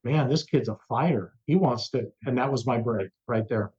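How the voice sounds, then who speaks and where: Animated male radio veteran telling stories. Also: mid-range voice, normal speed, husky, dull audio. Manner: lively, acts out quoted voices. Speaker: rock radio personality, interview guest. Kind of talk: animated storytelling in an interview. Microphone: remote interview over the internet.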